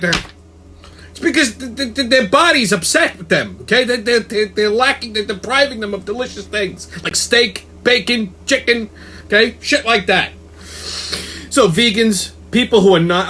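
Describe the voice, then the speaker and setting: High-voiced profane ranting man. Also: sharp tone. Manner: profane, emphatic, repeats words. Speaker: host. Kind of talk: comedic rant to camera.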